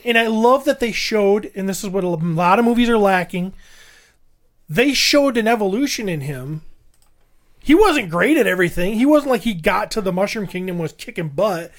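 A man's voice: high-pitched, animated, normal speed. A man co-hosting a casual movie review chat, rambling and repeating words as he searches for his point. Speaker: podcast co-host.

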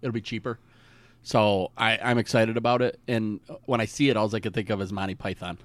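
A man's voice: lowish voice, fairly even intonation, brisk, dry recording. A man co-hosting a podcast, chatting casually and upbeat about new releases. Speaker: podcast co-host. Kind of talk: casual chat.

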